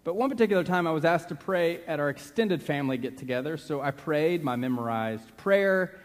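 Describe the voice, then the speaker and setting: A man preaching a sermon as pastor, earnest, slowing down and dropping to a hush to stress a point. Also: a little high, expressive. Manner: earnest, slows down and drops to a hush for emphasis. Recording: long reverb of a large hall.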